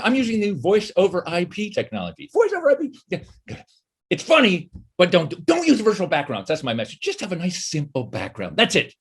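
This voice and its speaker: A middle-aged man delivering a wry comedy monologue from his home office, full of quick asides and mocking voices. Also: fairly high pitch, slightly rough.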